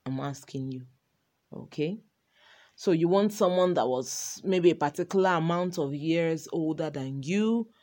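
A woman's voice: deep voice, darkish tone. A woman, coaching in an informal recorded course talk and often checking in with her listener. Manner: chatty, keeps checking in with listener. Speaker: relationship coach.

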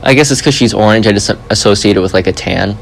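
Podcast host, male, lowish voice, rambling and jokey, faint hiss behind. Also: fast talker, gravelly, low-quality recording. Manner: rambling, joking, animated asides. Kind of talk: casual chat.

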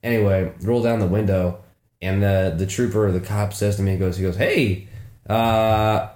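Guy on a podcast telling a road trip story, gets loud and animated, swears a lot, echoey room. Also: fairly low pitch, moderate pace. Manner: animated, swearing, acts out quotes in raised voice. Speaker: podcast co-host. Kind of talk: casual storytelling chat. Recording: roomy echo.

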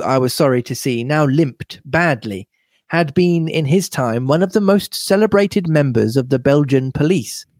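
A man reading a classic mystery novel aloud with measured, expressive narration. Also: fairly high pitch, no echo. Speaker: reader.

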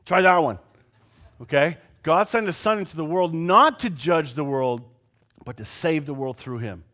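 A pastor preaching a sermon, swinging between loud, exasperated outbursts and quiet, low asides. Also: male voice, moderate pace. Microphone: lapel mic.

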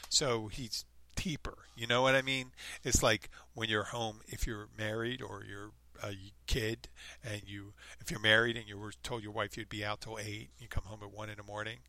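A man reading a comic story aloud in a deadpan, playful way, acting out the quoted lines and adding his own remarks. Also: fairly low pitch, normal speed, no room sound. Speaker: reader of online posts.

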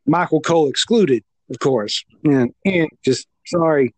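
High-voiced Southern man chatting. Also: unhurried, no room sound. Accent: Southern American. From American South. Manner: animated, stammering restarts, loud impressions. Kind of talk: casual wrestling chat.

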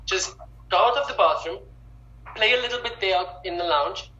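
An irritable father around forty brushes off his child with impatience, as a woman puts him on. The voice is bright and sharp, heard in an echoey room with a dull recording. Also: mid-range voice, moderate pace, a little hiss or hum, lightly acted. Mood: placating.

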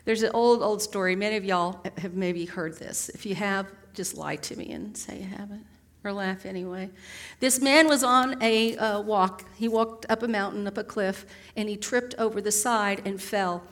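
A middle-aged woman preacher delivers a sermon. She talks conversationally, with gentle humor, and asks the listeners one rhetorical question after another. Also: mid-range voice, normal speed.

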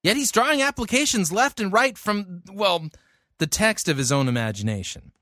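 A man picks apart a sermon, reading scripture carefully and then breaking in with sarcastic, exasperated comments. His voice is slightly high and recorded dry and close, with no room sound. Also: lively intonation, normal speed, pushed and bright, dry recording. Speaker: sermon reviewer, host. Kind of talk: critical commentary.

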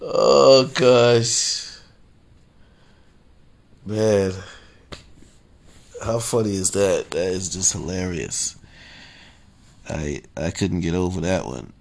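Podcast host man, casual slangy commentary, laughs a lot, slow drawl, gravelly. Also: deep voice. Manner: laughing, slangy, loud exclamations.

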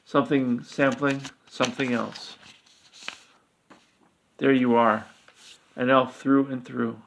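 A man narrating a fantasy story aloud in a steady, even manner. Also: medium pitch, slow pace, vocal fry, slight background noise.

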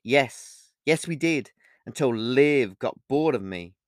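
A man reading an audiobook, playing a smiling, pushy young man who is hiding something, with a bright, falsely cheerful manner. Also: medium pitch, lively intonation, takes it slowly, no room sound, clean studio sound. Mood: cheery.

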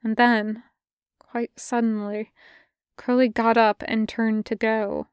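A woman narrating a fan fiction audiobook in a measured, intimate way, close to the mic. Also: on the high side, flat delivery, clear, resonant tone, no echo. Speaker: podfic reader.

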